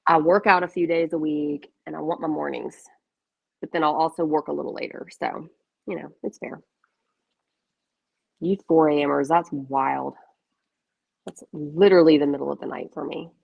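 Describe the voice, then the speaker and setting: A woman's voice: deep voice, steady tone, normal speed, vocal fry, long pauses, husky, dry recording, dull audio. A chatty woman with a Southern US accent, hosting a casual stock trading stream and laughing easily. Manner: chatty, laughing, self-deprecating. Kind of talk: casual chat.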